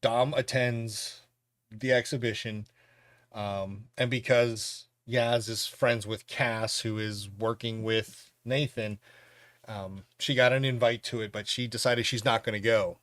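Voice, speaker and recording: A man with a mid-range voice recounts a movie scene by scene, animated and chatty, breaking into laughs. The sound is dry and close, with no room around him. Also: medium pitch, a little slow, dry recording. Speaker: podcast host reviewing a film. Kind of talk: casual plot recap.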